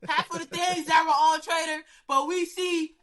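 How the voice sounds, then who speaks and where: A woman chatting as a podcast guest, animated and slangy, full of laughing asides. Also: very high-pitched, normal speed. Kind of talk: casual chat.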